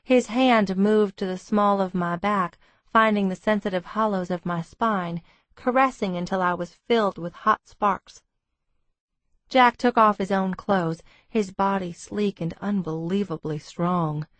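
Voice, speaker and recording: A woman's voice: medium pitch, measured pace, no echo. Woman narrating a romance audiobook. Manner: steady, intimate storytelling. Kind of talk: scripted first-person narration.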